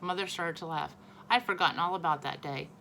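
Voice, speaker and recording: A woman teacher reading a children's novel aloud, expressive and correcting her own small slips. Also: on the low side, fairly quick, creaky, slight background noise, low-quality recording.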